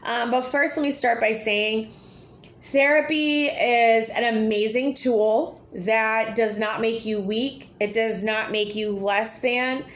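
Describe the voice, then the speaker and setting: A woman talks straight to camera, blunt, chatty and quick to laugh. Her voice sits a little high for a woman. The room around her rings with echo. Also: steady tone. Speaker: vlogger. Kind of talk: casual talk to camera. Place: home with children nearby. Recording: echoey room.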